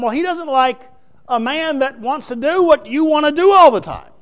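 A man preaching a sermon in an emphatic, folksy way, swinging between loud stresses and hushed asides. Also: very high voice, expressive, fairly quick.

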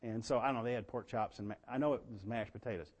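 A man preaching a sermon, telling folksy stories and swinging from quiet asides to loud, emphatic bursts. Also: lowish voice, quick pace.

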